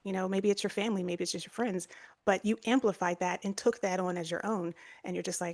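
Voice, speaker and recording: A woman's voice: mid-range voice, fairly even intonation, quick pace, a little mellow. A woman co-hosting a podcast, explaining ideas in a casual, chatty way with lots of fillers and restarts. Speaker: podcast co-host.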